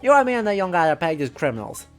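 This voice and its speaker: A streamer reading a game aloud and voicing a resentful male banker juror who speaks up loudly. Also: mid-range voice, big pitch swings, very fast, soft background music, close to an everyday voice. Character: bitter male banker juror back from abroad.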